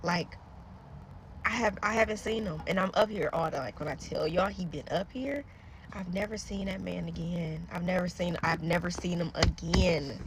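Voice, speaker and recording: A woman with a fairly low voice speaks at a moderate pace over slight background noise, earnestly sharing a personal faith story with her followers. Her casual spoken testimony rambles and trails off as she keeps addressing viewers directly.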